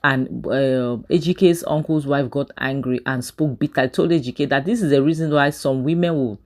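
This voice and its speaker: Nigerian man, casual drama recap, animated delivery, mid-pitched voice, stumbles and restarts often. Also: normal speed. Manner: animated storytelling, acts out quotes, frequent restarts. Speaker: series reviewer.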